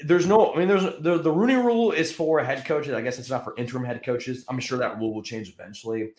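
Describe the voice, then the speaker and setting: A man's voice: mid-range voice, fast, darkish tone. Rambling man host in an echoey room. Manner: rambling, lots of fillers and restarts. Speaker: podcast host. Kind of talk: casual sports chat.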